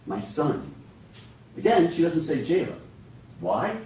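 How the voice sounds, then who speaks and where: Speaking slowly, this prosecutor makes his closing argument straight to the jury, emphatic and persuasive, his slightly high voice swooping wildly in pitch. His tone is darkish. Heard from a distance in a large, echoey courtroom, the clip carries slight background noise.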